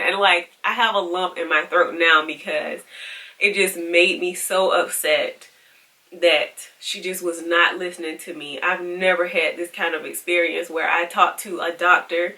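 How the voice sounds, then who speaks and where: Woman venting on her vlog, low-ish but bright edgy voice, sounds a little far from the mic. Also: unhurried. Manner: frank, exasperated retelling with quoted dialogue. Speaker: vlogger. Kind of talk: casual storytelling to camera.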